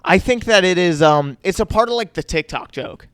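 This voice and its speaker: A man's voice: sits high, lively intonation, normal speed, fairly bright tone, no echo, studio quality. A man co-hosting a comedy podcast in casual chat, rambling with lots of fillers and repeated yeahs.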